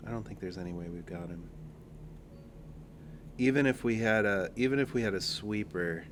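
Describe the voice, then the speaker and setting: A man streaming a card game, joking and thinking out loud as he plays. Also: on the low side, normal speed, a little hiss or hum. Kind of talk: casual card-game livestream commentary.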